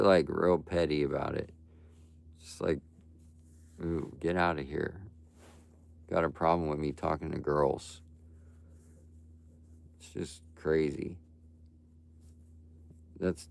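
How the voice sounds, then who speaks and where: A man's voice: extremely low pitch, steady tone, slow, vocal fry, long pauses, clean tone. A young man livestreaming and talking to his chat, ranting bluntly and profanely with frequent "bro" and "like". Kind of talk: live stream talk to chat.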